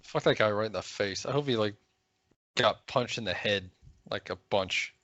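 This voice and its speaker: A man's voice: lowish voice, normal speed, a bit bright, no echo. Crude rambling male podcaster, dull dry mic. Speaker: podcast co-host. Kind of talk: casual podcast chat.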